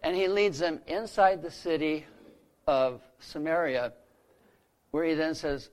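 A man preaching a sermon who retells scripture stories, lifting his voice for quoted lines and dropping soft and low to land a point. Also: moderate pace. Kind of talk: sermon storytelling.

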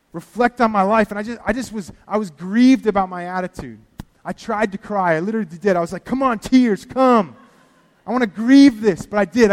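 High-voiced man preaching in a reverberant hall. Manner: animated storytelling, acting out his own prayers. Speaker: pastor. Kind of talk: sermon.

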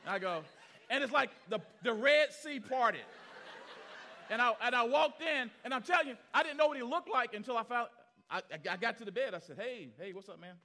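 A man preaching as pastor, telling stories animatedly and acting out the people he quotes, swinging from loud to hushed. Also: very high voice, lively intonation, a little fast. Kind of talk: sermon storytelling.

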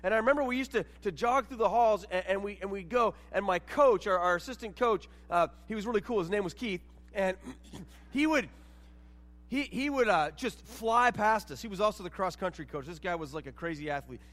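High-voiced man preaching in a reverberant church. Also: expressive, brisk, fairly bright tone. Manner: earnest, with frequent repeated words and restarts. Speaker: church leader. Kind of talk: sermon. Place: church sanctuary.

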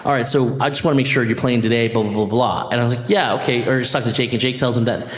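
An animated man tells a story and acts out the voices in it. His voice rings in a roomy space with a long reverb tail. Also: medium pitch, very fast. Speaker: band leader. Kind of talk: storytelling in a live-streamed chat. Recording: echoey room with long reverb.

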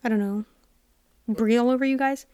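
A woman's voice: fairly high pitch, normal speed, clean tone, no room sound, clean studio sound. Chatty young woman, a little breathless. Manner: chatty and excitable, heavy use of "like". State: a bit out of breath. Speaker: podcast host. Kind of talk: casual solo podcast chat. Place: quiet room. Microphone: studio mic with headphones.

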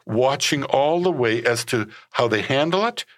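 A man's voice: medium pitch, normal speed. A man who leads a ministry, explaining his work in an interview and acting out the conversations he has. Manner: acts out conversations, animated storyteller. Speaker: ministry leader.

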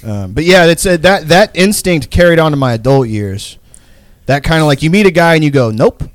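A man's voice: fairly high pitch, animated, a little fast, no room sound, studio quality. A young man casually telling a long story on a podcast, rambling with lots of fillers and swearing. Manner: rambling, lots of "like" fillers and profanity, laughs often. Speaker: podcast co-host.

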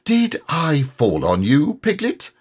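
A man voicing a gentle, kindly young bear in a slow, mild, wondering way while reading a storybook aloud. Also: on the high side, huge pitch swings, husky, voice pushed up, exaggerated voice.

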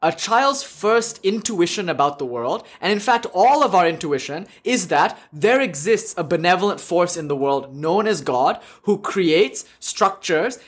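Male lecturer, slightly high voice, lively, laughs and self-corrects while teaching a class. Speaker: lecturer on religion.

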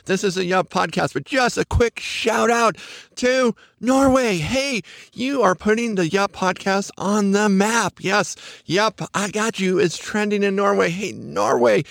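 A man's voice: sits high, creaky, dry recording, clean studio sound. A man hosting his own podcast in an upbeat, chatty monologue, laughing at himself and correcting his slips. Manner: upbeat, chatty, quick shout-outs. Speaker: podcast host.

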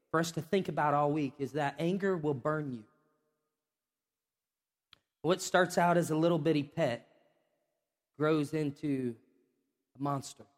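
A male pastor delivers a sermon in a fairly high voice, swinging from quiet reflection to impassioned, climbing questions. His words ring out with a long reverb from a large church hall. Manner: impassioned, voice rising sharply on the repeated questions. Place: church sanctuary.

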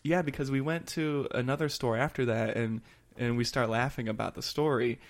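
A man's voice: medium pitch, steady tone, moderate pace. A young man co-hosting a podcast, telling a story in casual chat and laughing through it. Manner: laughs through his own stories. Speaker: podcast co-host.

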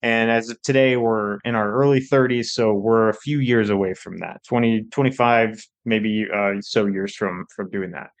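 A man's voice: fairly low pitch, steady tone. A man who works as a financial advisor, hosting a casual educational podcast episode and explaining budgeting in a conversational way with frequent restarts. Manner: conversational, with fillers and restarts, quick bursts.

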